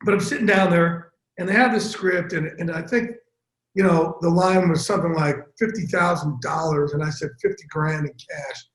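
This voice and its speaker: A man telling stories as a guest in a casual, profane interview, animated and quick. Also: on the high side, echoey room, low-quality recording. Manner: animated, profane, fast-talking storyteller. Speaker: interview guest, sports broadcaster. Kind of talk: casual storytelling chat.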